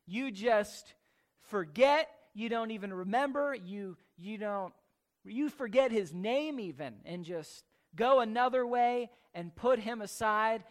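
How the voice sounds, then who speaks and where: A preacher giving a sermon, repeating key phrases with emphasis and asking rhetorical questions, moving between slow stressed words and quick asides. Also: medium pitch, lively intonation.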